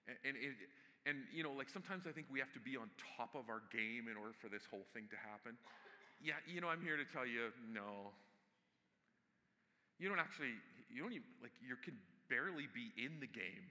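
A man's voice: medium pitch, expressive, moderate pace, pushed and bright, big-room sound. A male pastor preaching a sermon in a church, telling stories casually with humor and asides to the congregation.

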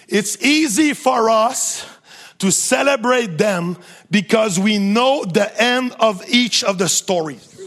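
A man preaching a lively sermon, often calling "come on" to the congregation and laughing between points. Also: high-pitched, slow pace. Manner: energetic, calls to the crowd, laughs often.

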